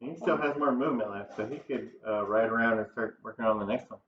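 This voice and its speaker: A man runs a tabletop game at the table, relaxed and casual, chuckling between rulings. The room echoes and the audio is dull, with a faint hiss underneath. His pitch sits in an ordinary middle range. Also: fast. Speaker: game master. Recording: roomy, dull home recording with faint noise.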